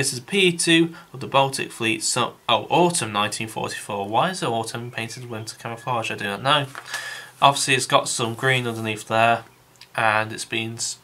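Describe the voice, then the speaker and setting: A man's voice: medium pitch, sharp tone. A man giving a casual, rambling review of a model kit, thinking aloud with frequent restarts and calling his viewers guys.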